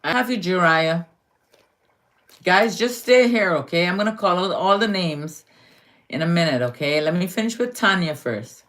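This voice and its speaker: A woman's voice: on the low side, animated, fairly bright tone. A woman from Guyana giving astrology readings to viewers on a live stream, affectionately calling them darling. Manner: affectionate, calls viewers darling, slow and drawn-out.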